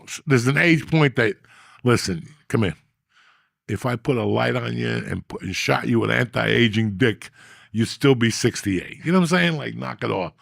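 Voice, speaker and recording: Male podcast host, gravelly and rough, dry close sound, profane and animated storyteller. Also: medium pitch, dry recording. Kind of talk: casual storytelling.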